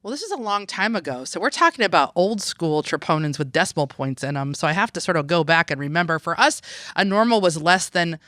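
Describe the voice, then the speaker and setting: ER physician, man, bright crisp voice, dry mic, reasons through the case aloud. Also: fairly high pitch, big pitch swings, brisk, dry recording. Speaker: emergency physician. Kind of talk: case discussion podcast.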